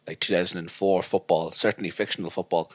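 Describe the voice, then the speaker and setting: A man co-hosting a podcast, chatting casually and telling animated stories. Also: low-pitched, quick pace, no room sound. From Ireland. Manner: animated storyteller, slips into voices. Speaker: podcast co-host. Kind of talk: casual chat.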